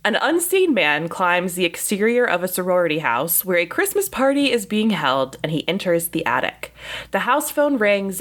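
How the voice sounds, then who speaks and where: A woman co-hosting a podcast, chatting excitably and laughing easily, then reading out a plot synopsis. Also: fairly low pitch. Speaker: podcast co-host. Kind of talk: casual chat and reading a synopsis aloud.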